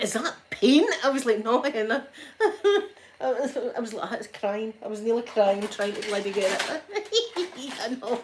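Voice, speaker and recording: Chatty Glaswegian woman, soft spoken. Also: a little high, a little hiss or hum. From Scotland. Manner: chatty storytelling with frequent laughs and soft asides. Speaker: ASMR livestream host. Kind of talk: casual chat.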